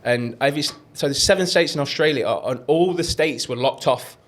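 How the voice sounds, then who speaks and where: A man's voice: on the high side, brisk, fairly bright tone. A young man, rambling through travel stories in casual podcast chat and swearing freely. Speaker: podcast co-host.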